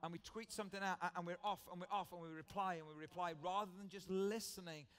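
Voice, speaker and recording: A man's voice: high-pitched, fairly even intonation, quick pace, a bit bright, smooth. A British man preaching a sermon in church, earnest and conversational, often repeating his key phrases.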